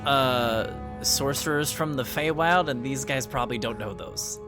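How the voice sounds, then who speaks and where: A man narrating a tabletop game as dungeon master, relaxed and full of fillers. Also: medium pitch, unhurried, over music.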